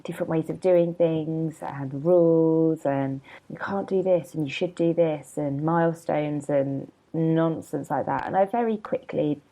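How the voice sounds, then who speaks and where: A woman's voice: low voice, measured pace, mellow, low-quality recording. A woman in her thirties hosting a casual solo podcast, chatty and candid, laughing often and wandering off topic while a bit hungover and yawning. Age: 30s. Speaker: podcast host and blogger.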